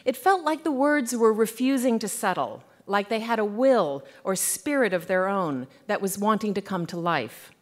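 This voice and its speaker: A woman giving a conference keynote, thoughtful and playful, slowing down to dwell on key phrases. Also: medium pitch, lively intonation. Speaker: keynote speaker. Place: conference hall.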